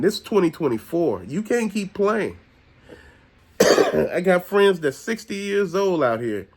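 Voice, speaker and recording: A man hosting his own channel, delivering a blunt, profane, preachy rant straight to viewers. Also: sits high. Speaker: host. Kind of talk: ranting monologue.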